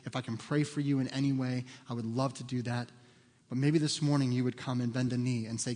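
A male pastor preaching a sermon, then leading a closing prayer, his earnest delivery swelling loud and falling soft. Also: medium pitch, steady tone, fairly quick, in a large hall. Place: church sanctuary.

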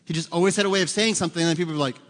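A man's voice: a little high, racing, a bit bright. A man preaching a sermon as pastor, talking conversationally and putting questions to the congregation. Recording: long hall reverb.

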